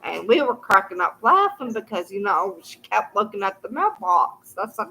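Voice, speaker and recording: A woman's voice: medium pitch, sing-song, moderate pace, hardly any pauses, pushed and bright, husky, poor audio. A woman telling a long personal story to the camera in a casual, folksy, rambling way, full of "you know".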